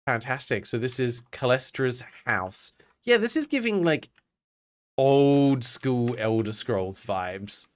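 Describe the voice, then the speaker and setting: Aussie bloke streaming games, voice bounces all over, jokes at himself while reading text out. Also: male voice, medium pitch, lively intonation, slow pace. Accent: Australian. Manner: reads game text aloud, chatty and self-mocking. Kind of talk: casual gameplay commentary.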